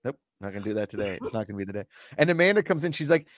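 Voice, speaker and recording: A man in his twenties co-hosting a sports podcast, ranting in an animated, exasperated way in casual chat. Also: a little high, fast, hardly any pauses, no echo, clean studio sound. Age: 20s. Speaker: podcast co-host.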